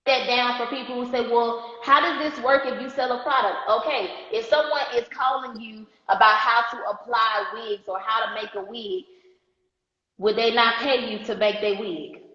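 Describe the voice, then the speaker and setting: A woman's voice: a little high, fairly even intonation, normal speed, sharp tone. A woman coaching a business class on a live stream, emphatic, repeating her key points and checking in with the audience. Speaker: marketing coach. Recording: echoey dull-sounding live stream audio.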